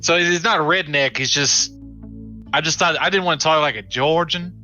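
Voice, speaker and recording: A man's voice: a little high, moderate pace, sharp tone, soft background music. A man with a Southern American accent, a player chatting in a laid-back, rambling way. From Southern United States. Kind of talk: casual chat between game sessions.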